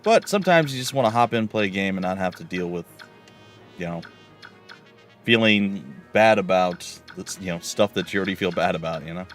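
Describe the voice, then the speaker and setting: A man's voice: low voice, lively intonation, a little fast, a bit bright, soft background music. A man streaming a game live, chatting casually and rambling with many fillers as he plays. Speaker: let's play streamer.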